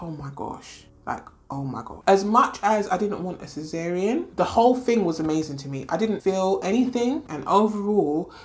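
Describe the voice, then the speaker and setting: Young woman vlogging, chatty storytime, kinda low voice, acts out the quotes. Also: a little hiss or hum. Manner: chatty, animated retelling with quoted voices and laughs. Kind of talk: casual storytelling.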